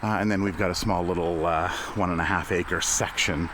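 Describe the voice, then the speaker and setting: A man giving a relaxed walking tour of his farm, chatting, laughing often and greeting animals along the way. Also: deep voice, a little fast, background noise. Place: outdoors on a farm, in woods and fields.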